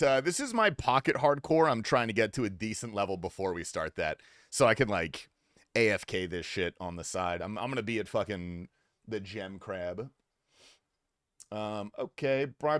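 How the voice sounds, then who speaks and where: Animated streamer, teasing and profane. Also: male voice, lowish voice, moderate pace, no echo, clean studio sound. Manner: loose, profane, teasing banter with chat. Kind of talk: casual gaming livestream commentary.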